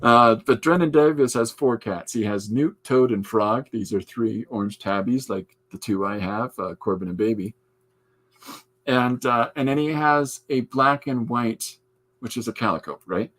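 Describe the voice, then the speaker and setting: A man's voice: mid-range voice, normal speed, a bit bright. A man hosting a podcast, chatting casually with his live viewers from his art studio while he draws. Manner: chatty, answers viewers' comments aloud. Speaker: podcast host and comic artist. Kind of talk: casual live-stream chat while drawing.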